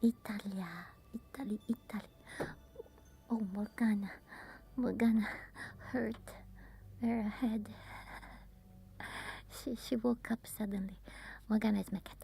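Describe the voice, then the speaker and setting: Woman, soft ASMR whisper, slow and unhurried, mellow tone, halting livestream chat. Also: a little high, fairly even intonation, creaky, breathy edge. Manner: soft whisper, chatting with viewers; halting, with many fillers. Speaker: ASMR streamer.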